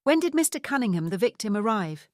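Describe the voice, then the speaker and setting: A woman reading the lines of a charming Irish male police detective who asks calm, probing questions. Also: on the high side, quick pace, no room sound, studio quality, pitched above the performer's own voice.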